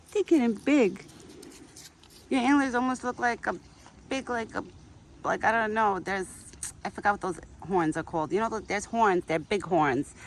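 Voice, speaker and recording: A woman talks casually outdoors, her voice rising and falling a lot as she coos at the animals she feeds. Italian was her first language, and she keeps up a chatty vlog with faint background noise. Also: mid-range voice. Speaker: vlogger feeding a wild deer. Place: outdoors in a yard.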